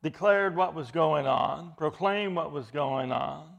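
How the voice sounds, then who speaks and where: A man preaching an expository sermon, emphatic, with his voice rising into loud bursts. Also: on the high side, unhurried, gravelly, muffled recording.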